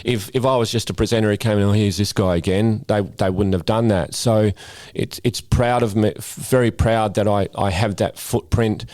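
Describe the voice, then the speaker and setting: Middle-aged Australian man, ex-cop guest speaker, lowish voice, dry sound, casual storyteller with lots of restarts. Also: steady tone, moderate pace, few pauses, a little mellow, dry recording. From Western Australia. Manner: chatty storyteller, repeats words when starting sentences. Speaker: guest speaker, former police officer. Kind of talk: casual podcast interview.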